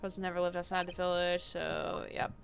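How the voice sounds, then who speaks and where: A woman's voice: lowish voice, monotone, a little fast, gravelly. Chatty giggly woman streamer. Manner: chatty, giggly, reads game text aloud. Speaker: streamer playing a game. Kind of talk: casual let's-play chat. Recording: live stream with game music under.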